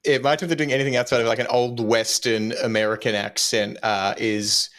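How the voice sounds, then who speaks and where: A man's voice: medium pitch, flat delivery, brisk, a bit bright. Laid-back man with a broad Australian accent. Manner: laid-back, casual, self-deprecating. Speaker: guest content creator. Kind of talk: casual podcast interview.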